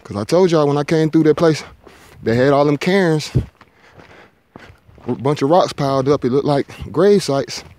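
A man's voice: fairly high pitch, moderate pace, long pauses, darkish tone, no room sound. Guy vlogging on a mountain trail, chatty and joking, bit out of breath from climbing. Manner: laid-back, talkative, jokey. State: a little winded from climbing. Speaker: thru-hiker vlogger. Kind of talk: casual hiking vlog. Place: outdoors on a forested mountain ridge.

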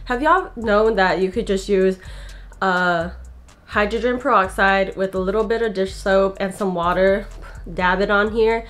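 Breathy twenty-something girl vlogging about her gifts, chatty, giggly, gushes over everything. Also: mid-range voice, fairly even intonation, a little slow, a bit bright. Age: 20s. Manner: chatty and gushing, giggles often. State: sounds out of breath. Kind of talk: casual gift show-and-tell. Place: home bedroom.

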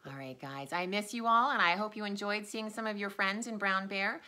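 A woman's voice: brisk, pushed and bright. A young woman who teaches day care, reading a picture book aloud to little children in a sing-song storytime voice. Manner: sing-song storytime voice with big pitch leaps.

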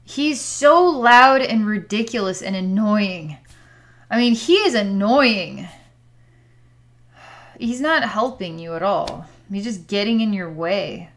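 A woman's voice: medium pitch, lively intonation, takes it slowly. Hesitant woman describing psychic visions. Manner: hesitant, searching for words, with sighs. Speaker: psychic healer. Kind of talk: describing visions in a distance healing session.

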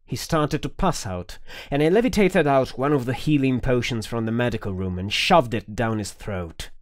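A man's voice: mid-range voice, moderate pace, no room sound, clean studio sound. A man narrating an audiobook, reading tense, dramatic scenes.

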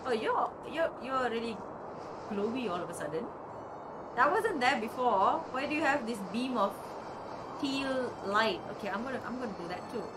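A woman commentating her video game play, chatty and excitable, talking to the characters and swearing casually. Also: on the high side, moderate pace, noisy background. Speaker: gamer playing a video game. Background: soft game music.

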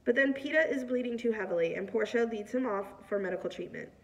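A woman reading a novel aloud, in a plain, steady way with a few small slips. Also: a little high, fast talker, distant mic. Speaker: reader.

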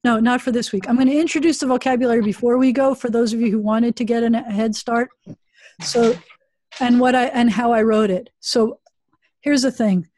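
A woman's voice: fairly high pitch, fairly quick, no echo. Chatty woman rabbi teaching online. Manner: chatty, self-deprecating, animated.

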